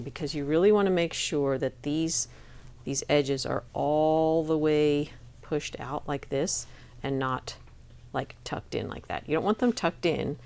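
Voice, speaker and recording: A woman's voice: deep voice, darkish tone. A middle-aged woman hosting a sewing tutorial, chatty and encouraging as she demonstrates each step at her machine. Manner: chatty and encouraging, talks while working.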